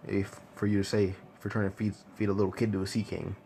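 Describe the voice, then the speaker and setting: Casual storyteller man doing a stern, scolding old grandfather, low register. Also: level tone, fast, gravelly, dark tone, a little hiss or hum. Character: gruff old male marine grandfather.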